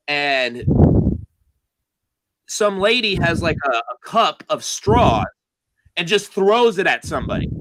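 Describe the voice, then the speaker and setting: A man's voice: a little high, slight background noise, poor audio. A man casually telling a long, rambling, profane story to friends on a comedy chat show. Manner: rambling, profane, animated retelling.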